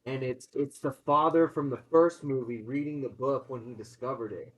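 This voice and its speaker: A man retelling a horror film's plot in a casual, excited, swear-heavy chat, laughing as he goes. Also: medium pitch, moderate pace, husky. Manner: excited, profane, laughing storyteller. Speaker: co-host, movie reviewer. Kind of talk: casual movie review chat. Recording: dull lo-fi sound.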